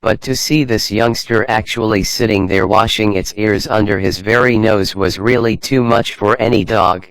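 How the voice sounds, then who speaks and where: A man narrating a children's adventure storybook in a slow, even reading manner. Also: fairly low pitch, no echo, rough recording.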